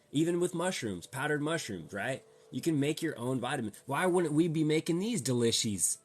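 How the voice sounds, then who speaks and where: A man vlogging a casual rant, slangy and profane, heated and repetitive as he talks to his viewers. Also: fairly high pitch. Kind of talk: casual ranting monologue.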